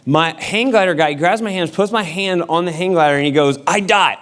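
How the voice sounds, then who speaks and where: A man's voice: fairly high pitch, fairly quick, background noise. A male pastor giving a sermon in a casual, joking storytelling manner. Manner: casual, humorous storytelling with acted-out quotes.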